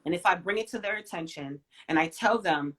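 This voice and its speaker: A woman in her forties, a guest in an interview, telling a personal story in an emphatic way, swinging from loud to soft. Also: on the low side, fairly quick, breathy edge.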